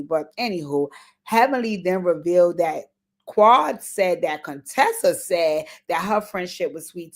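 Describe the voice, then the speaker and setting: A woman recapping reality TV in a loose, talky commentary. She is blunt and swears freely. She hammers her points with repeated words and speaks straight to the people she is discussing. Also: on the low side. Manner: animated, repeats words for emphasis. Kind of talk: casual commentary vlog.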